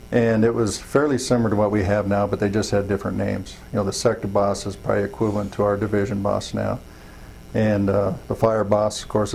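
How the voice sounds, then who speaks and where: In a casual interview, a middle-aged wildland fire chief tells rambling, folksy stories thick with fillers and acted-out quotes. His lowish voice has vocal fry and a darkish tone. The rough recording has a little hiss or hum.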